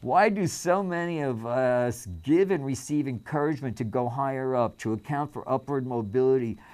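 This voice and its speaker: A man's voice: mid-range voice, moderate pace, a little mellow. A man reading a text aloud as host, breaking off often with fillers, restarts and his own remarks. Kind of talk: casual spoken commentary on a reading.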